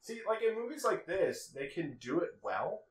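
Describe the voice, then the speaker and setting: A man's voice: sits high, sing-song, moderate pace, reverberant, recorded from a distance, a crowd in the background, poor audio. A man co-hosting a riff track, joking and swearing casually while watching a movie. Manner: laughing, profane banter.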